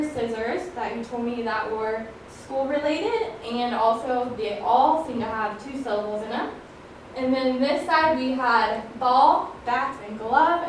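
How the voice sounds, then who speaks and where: A woman teacher leading a phonics lesson, praising her pupils and stretching words out to count their syllables. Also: a little high. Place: classroom. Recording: echoey classroom, voice from a distance, faint noise.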